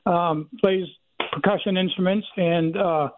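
A man's voice: sits high, fairly even intonation, moderate pace, noisy background. A man calling in to a radio show, talking hesitantly with many fillers. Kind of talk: phone call to a radio show. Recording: tinny phone line.

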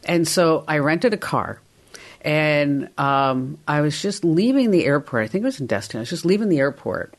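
A woman's voice: deep voice, lively intonation, normal speed. A woman hosting a radio call-in show, chatting casually and rambling through a story.

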